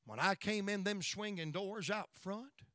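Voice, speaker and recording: A preacher quietly quoting his wife as she recalls a frightening, awe-filled night, in a hushed, low voice. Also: measured pace, no room sound, clean studio sound. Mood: awed. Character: pastor's wife, awed and frightened.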